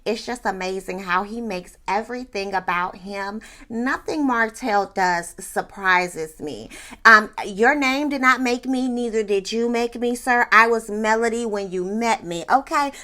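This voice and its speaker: A woman voicing a calm, composed grown woman who speaks softly and slowly. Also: fairly high pitch. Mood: serene.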